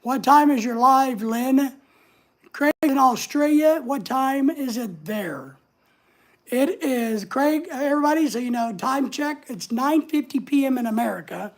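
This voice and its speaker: A woman hosts a casual livestream in a fairly high voice. She chats easily with her viewers, reading their comments aloud and answering them as she goes. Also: expressive, a little slow. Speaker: livestream host.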